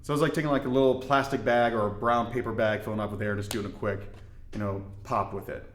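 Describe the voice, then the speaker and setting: A man from Indiana explaining hand-drum technique in a relaxed, step-by-step way with folksy asides. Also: on the low side, fast talker, reverberant, over loud music. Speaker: darbuka teacher. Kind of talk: instructional demonstration.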